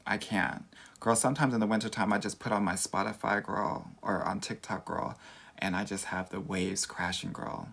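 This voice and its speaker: A man's voice: on the low side, fairly even intonation, moderate pace, gravelly, a bit bright. A man with a Southern California Valley accent, a dating coach chatting casually on a livestream, sassy and campy, calling everyone girl. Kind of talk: casual livestream chat reading comments.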